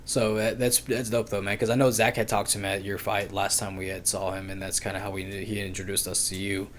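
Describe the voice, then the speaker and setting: A man's voice: lowish voice, level tone, brisk, slight background noise. A man co-hosting a podcast, chatting loosely and swearing freely as he tells fight stories. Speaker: podcast co-host. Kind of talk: casual interview chat.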